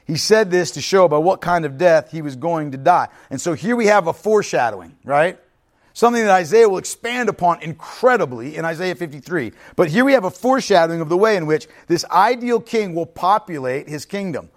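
A man's voice: on the high side, expressive, fairly quick. A man teaching through a Bible passage in a conversational way, often checking in with "right?" and "okay?" and sometimes restarting his words. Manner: earnest, restarts and stumbles over words. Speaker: pastor teaching Bible study.

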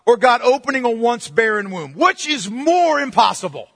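High, bright-voiced preacher in a reverberant hall. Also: male voice, big pitch swings, moderate pace, breathy edge. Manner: emphatic, rhetorical questions to the congregation. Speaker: pastor. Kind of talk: sermon.

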